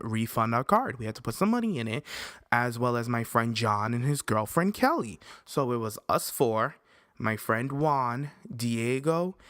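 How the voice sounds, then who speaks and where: A young man hosting a podcast, telling a long story in casual chat, animated and full of swearing, his voice jumping high when he quotes himself yelling. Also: dry recording, studio quality. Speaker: podcast host.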